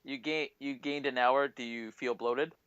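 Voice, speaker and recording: A man's voice: mid-range voice, a little slow, clean tone, dry recording, lo-fi sound. A man co-hosting a comedy podcast, teasing his friends and telling stories with lots of restarts. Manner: animated storyteller, teasing, stumbling restarts. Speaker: podcast co-host. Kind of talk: casual comedic chat.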